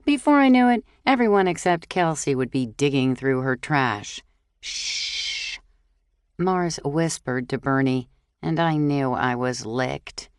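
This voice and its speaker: Slow, low-voiced woman narrating. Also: expressive, clear, resonant tone, dry recording, studio quality. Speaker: audiobook narrator. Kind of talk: scripted narration.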